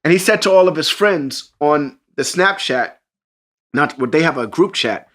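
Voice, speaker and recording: A man co-hosting a podcast, telling an animated, profane story in casual chat and jumping into excited voices for the people in it. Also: a little high, normal speed. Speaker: podcast co-host.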